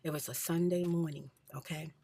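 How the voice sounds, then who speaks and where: A woman hosting an ASMR channel, telling her personal story in a soft-spoken, candid, blunt way and sometimes dropping to a whisper. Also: low voice, steady tone, fairly quick, slight background noise.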